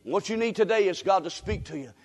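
A man preaching a revival sermon, folksy and direct with the congregation, dropping to quiet asides and rising to shouted exhortation. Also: high voice, expressive, fast talker. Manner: folksy, addresses crowd directly. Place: church sanctuary. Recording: long hall reverb.

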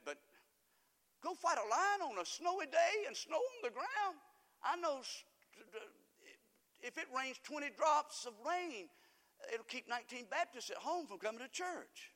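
A man pastor preaching a sermon. He breaks into sudden shouts and calls on the congregation to answer. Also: high-pitched, in a large hall.

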